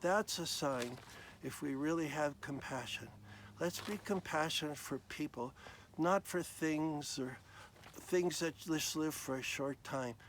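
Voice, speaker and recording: Man, folksy devotional talk, conversational, clears throat, slightly high voice, faint vehicle noise. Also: a little slow, fairly bright tone, low-quality recording. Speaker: devotional speaker. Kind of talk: folksy Bible storytelling devotional.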